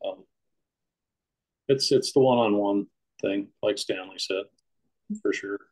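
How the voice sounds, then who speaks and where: A man panelist speaking plainly, with halting restarts. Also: fairly low pitch, low-quality recording. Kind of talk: panel discussion.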